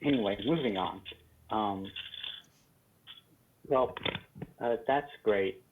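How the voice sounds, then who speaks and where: A man's voice: lowish voice, slow, phone-quality sound, background noise. A young man playing a tabletop game with friends, chatty and apologetic. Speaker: player. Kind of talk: casual tabletop game chat.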